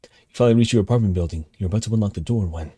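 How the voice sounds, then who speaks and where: Racing along in a lowish voice over heavy background noise, a male streamer reads out a text game and reacts in real time, switching from calm narration to excited outbursts.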